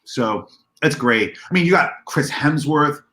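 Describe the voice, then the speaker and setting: A man on a video call, telling convention stories in an animated way and acting out the dialogue in a raised voice. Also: on the high side, a little slow, roomy sound. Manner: excitable, acts out dialogue in a raised voice. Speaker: convention organizer guest. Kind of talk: animated storytelling on a livestream.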